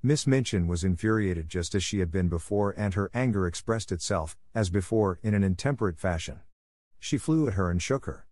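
A man narrating a classic novel as an audiobook in a steady, even telling. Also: deep voice, brisk, no echo, studio quality.

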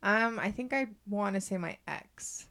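A woman's voice: medium pitch, unhurried, fairly bright tone. A young woman co-hosting a podcast, chatting casually in a teasing way and laughing easily. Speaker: podcast co-host. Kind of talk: casual chat.

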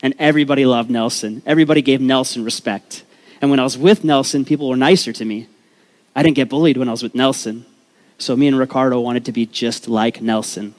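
A man's voice: mid-range voice, fairly even intonation, brisk. A man from Vancouver, telling his life story on stage as a comedic talk, candid and profane with joking asides to the crowd. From Canada, Vancouver.

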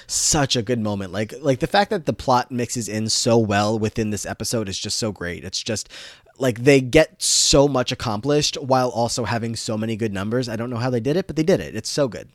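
A man co-hosting a casual TV recap chat, chatty and full of "like", speeding up when excited. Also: mid-range voice, fairly quick, no room sound, clean studio sound. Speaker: podcast co-host recapping a TV episode.

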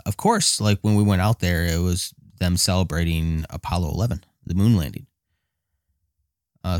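A man telling a casual story, excitable, laughing often and acting out his own past lines. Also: sits low, clean tone, no room sound, clean studio sound. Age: adult with a child.

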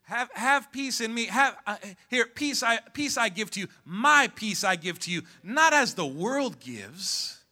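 A man preaching a sermon as pastor, calling out to the congregation to respond and rising to shouts at the peaks. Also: very high-pitched, big pitch swings, a little slow, few pauses. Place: church sanctuary.

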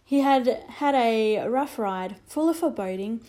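A woman narrates a children's storybook in a measured, expressive way. Her voice sits a little high and sounds soft and mellow.

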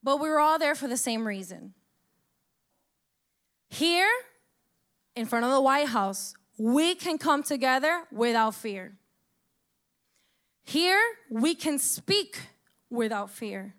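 A woman's voice: high voice, animated, slow pace, pauses often, a bit bright. A young woman from the United States giving an impassioned personal monologue, emotional and close to tears, swearing as she speaks.

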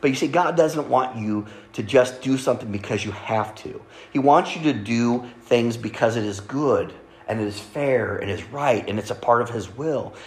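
A pastor with a medium-pitched voice, speaking at normal speed, delivers a conversational sermon in a church sanctuary. He keeps checking in with his listeners, often adding "right?", and the room sounds echoey.

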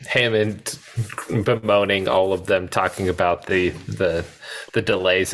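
Male co-host, low and unhurried voice, laid-back movie chat with lots of laughs. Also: a bit bright. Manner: quotes movie lines, laughs often. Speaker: podcast co-host.

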